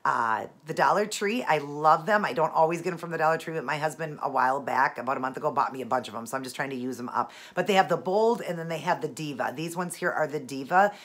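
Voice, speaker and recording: A woman's voice: low-pitched, fast talker, hardly any pauses, fairly bright tone. A middle-aged woman with a stuffy nose from allergies, chatting casually through her outfit, jewelry and makeup at home with many rambling asides. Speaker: fashion and beauty vlogger. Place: indoors at home.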